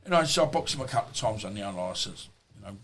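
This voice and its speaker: A man's voice: on the low side, animated, racing, fairly bright tone, a little hiss or hum. A middle-aged man, a podcast guest, telling stories in a rambling, blunt, colloquial way. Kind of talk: storytelling in conversation.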